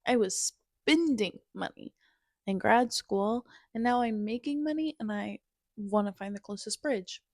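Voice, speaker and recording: A woman's voice: medium pitch, a little slow, a little mellow, no echo, clean studio sound. A woman in her twenties telling a candid personal story as a podcast host, blunt and self-mocking, swearing freely and moving between wry humor and raw feeling.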